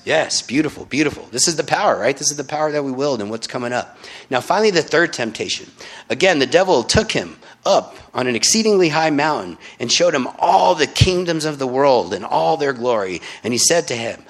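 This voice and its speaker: A man's voice: medium pitch, lively intonation, brisk. Casual man preaching, keeps asking "right?". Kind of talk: conversational Bible teaching.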